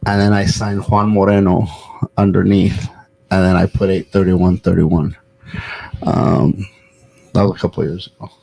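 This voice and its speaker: A man hosting a casual podcast, his voice low and rough with a husky edge. He rambles through stories in loose, profane chat, with plenty of ums and restarts. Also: level tone, normal speed, pauses often, mellow, low-quality recording. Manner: loose, profane storytelling with many fillers. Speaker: podcast host.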